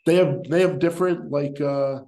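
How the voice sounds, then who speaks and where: A man's voice: on the high side, steady tone, warm tone. Decisive male interview guest, roomy sound. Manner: brief, decisive answers, then thinks aloud with pauses. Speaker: guest, mathematician. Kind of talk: casual interview answers.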